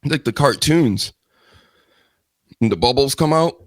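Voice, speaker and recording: A man's voice: mid-range voice, lively intonation, measured pace, no room sound. Man, wrestling talk show host, rambling and joking, self-mocking, dry close sound.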